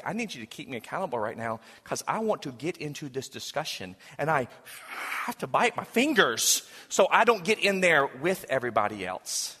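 A man's voice: fairly high pitch, sharp tone, slightly rough, in a large hall. A man preaching a sermon to a congregation in a casual, joking way, then building to emphatic preaching. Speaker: pastor.

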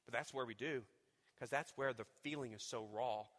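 Bright-voiced man preaching in a hall. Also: moderate pace. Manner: swings from hushed low talk to loud preaching peaks; repeats and restarts words when fired up. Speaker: pastor. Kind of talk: sermon. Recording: long reverb of a large hall.

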